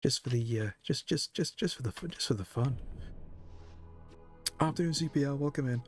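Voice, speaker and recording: A man's voice: medium pitch, normal speed, faint music behind. A man streaming live, chatting casually with viewers, joking and laughing often.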